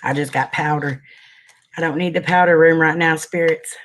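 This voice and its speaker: A man's voice: a little high, steady tone, moderate pace, a bit bright, a little hiss or hum. A man hosting a casual livestream. He chats with viewers, greets them by name and sniffles now and then. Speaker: livestream host.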